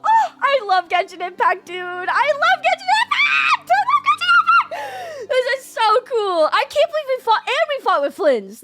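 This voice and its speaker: A woman's voice: very high voice, a bit bright. A young woman reacting to a game for her channel, gushing, squealing and apologizing as she fangirls. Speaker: gaming video creator. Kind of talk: excited game reaction commentary.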